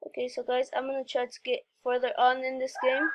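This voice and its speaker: A woman giving excitable gameplay commentary, talking straight to viewers and often breaking into squeals and repeated cries. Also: sits high, a little fast. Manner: talks straight to viewers, frequent "okay, guys". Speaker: gaming video host.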